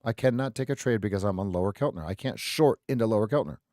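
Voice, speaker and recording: A man's voice: on the low side, fast, mellow, dry recording, clean studio sound. Man calling live market levels. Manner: repetitive, thinks aloud with restarts. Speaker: trading stream host.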